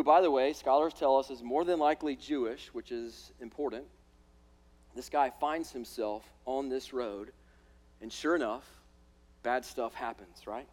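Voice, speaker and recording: A male pastor preaching a sermon to a congregation in a church. He talks emphatically, repeats words, and checks in with "listen" and "right?". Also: medium pitch.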